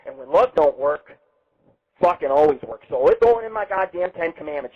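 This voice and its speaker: A man's voice: on the high side, expressive, normal speed, breathy edge. A man hosting a live internet radio show, brash, boastful and heavily profane, rambling between topics. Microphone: webcam setup. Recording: tinny lo-fi phone-like sound.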